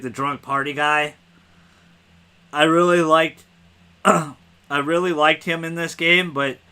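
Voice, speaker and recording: A man hosting a casual spoiler podcast, talking excitedly and rambling, cursing freely. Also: on the high side, clear, resonant tone. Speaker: podcast host.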